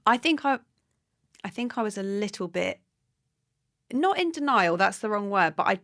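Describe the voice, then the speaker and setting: A woman's voice: medium pitch, lively intonation, moderate pace, fairly bright tone. A woman in her thirties, a doctor, chatting as a podcast guest in a self-mocking way and laughing easily. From West Country of England. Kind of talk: casual chat.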